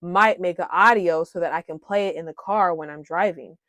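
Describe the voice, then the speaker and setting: A woman in her thirties talking casually and warmly to viewers about coping skills, with frequent "um"s, calling them "y'all". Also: lowish voice, brisk, no echo. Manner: frequent "um", addresses viewers as "y'all", laughs at herself. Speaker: wellness vlogger sharing coping skills. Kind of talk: casual heartfelt talk to viewers.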